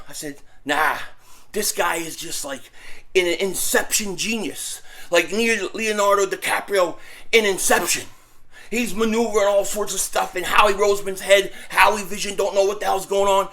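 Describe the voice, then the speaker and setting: A man's voice: high-pitched, moderate pace. Fired-up man ranting about his team. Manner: energetic, bursts into shouting. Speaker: sports fan show host. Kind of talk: excited fan rant.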